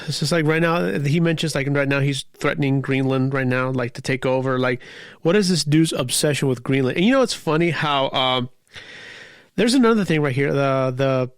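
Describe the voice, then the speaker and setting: A man hosts his own show and launches into a heated, profane political rant, stumbling over his words as he goes. His voice sits somewhat high for a man. The sound is dry and close, with no room echo. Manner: profane, heated, rambling with restarts. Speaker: podcast host.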